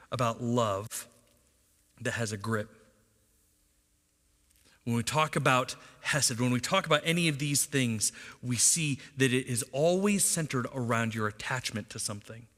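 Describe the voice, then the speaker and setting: A man's voice: mid-range voice, a bit bright. A middle-aged man preaching a sermon as pastor, talking to the congregation conversationally and asking them lots of questions. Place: church sanctuary. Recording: long church reverb.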